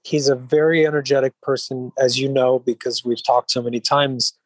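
A man speaks in a calm, even-keeled way as an interview guest, his voice sitting at a middling pitch. He wanders through his thoughts, restarting sentences and leaning on filler phrases. The sound is dry and close, with no room echo. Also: normal speed. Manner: rambling with frequent restarts and "you know". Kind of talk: relaxed interview conversation.

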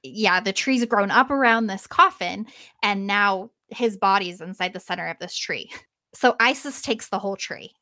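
Casting: casual, lively woman storyteller, middle pitch, dry studio sound. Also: normal speed, dry recording. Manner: lively, casual swearing, acts out quotes. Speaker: podcast host.

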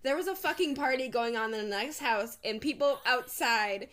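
A young woman co-hosting a casual podcast, blunt and swearing freely as she tells her stories. Her voice sits a little high, and she laughs her way through the tale. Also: moderate pace, fairly bright tone. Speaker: podcast co-host. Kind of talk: casual storytelling chat.

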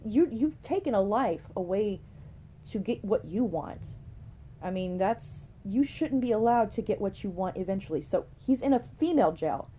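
A woman's voice: fairly high pitch, mellow, a little hiss or hum. Chatty woman hosting a true-crime podcast. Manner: chatty, opinionated, addresses listeners directly. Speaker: podcast host. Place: home room with pets and a rooster nearby.

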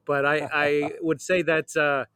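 A man's voice: on the high side, little pitch movement, a little slow, bright, forceful tone, clean tone, dry recording. A man hosting a podcast interview, friendly and thoughtful as he asks his questions. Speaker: podcast host.

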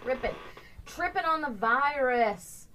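A woman hosting a casual talk show, upbeat and quick to laugh as she reads out viewers' hometowns. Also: high voice, animated, pushed and bright, slight background noise. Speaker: show host. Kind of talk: casual morning show chat. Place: home studio set.

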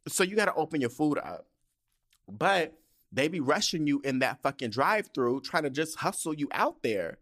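A man's voice: a little high, moderate pace. Profane, ranting man on a podcast. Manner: profane, animated storytelling with exasperated asides. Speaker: podcast host. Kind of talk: casual solo podcast rant.

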